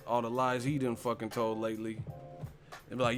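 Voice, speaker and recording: A boxing channel host runs a live stream chat with a loose, profane style, cracking up with laughter again and again. His voice is medium-pitched and brisk with fairly even intonation, and faint music plays behind him.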